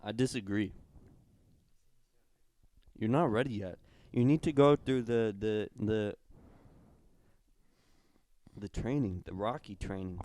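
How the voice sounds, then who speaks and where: A man's voice: fairly low pitch, takes it slowly, long pauses, a little mellow. A young man co-hosting a casual podcast, asking laid-back questions. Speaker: podcast co-host. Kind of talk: casual chat.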